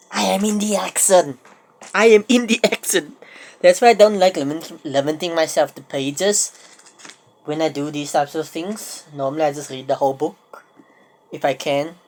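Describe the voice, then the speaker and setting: A woman's voice: low-pitched, darkish tone. A woman chatting casually in a reading vlog, thinking aloud as she counts pages, sounding tired and a bit sick. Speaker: book vlogger.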